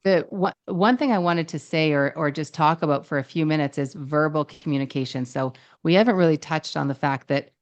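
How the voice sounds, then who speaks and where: A woman's voice: low-pitched, brisk, few pauses, highs cut off. A woman co-hosting a podcast as a couple therapist, speaking in a thoughtful, earnest conversational way. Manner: thoughtful, earnest, many affirming "yeah"s. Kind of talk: casual conversational podcast chat.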